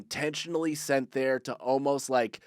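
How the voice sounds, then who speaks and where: A man's voice: medium pitch, steady tone, normal speed, clean tone, no room sound, clean studio sound. A man co-hosting a podcast in casual chat, rambling and swearing with many restarts. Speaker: podcast co-host.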